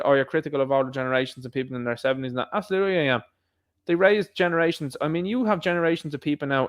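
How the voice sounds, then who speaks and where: A man hosting an opinion podcast, ranting and mocking the people he quotes. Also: fairly high pitch. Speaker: podcast host. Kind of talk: opinion commentary monologue.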